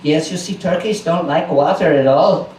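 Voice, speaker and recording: A man's voice: a little high, normal speed, slight background noise. Playful male storyteller, roomy room sound. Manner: warm, playful, chatty asides. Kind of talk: live storytelling performance. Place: small house concert venue. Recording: roomy live recording from a distance.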